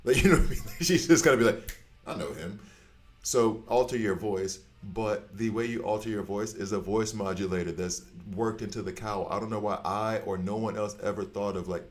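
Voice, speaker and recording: A man hosting a gaming channel, talking in a blunt, animated rant that swears casually and trails off mid-thought. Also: fairly low pitch. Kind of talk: casual ranting chat.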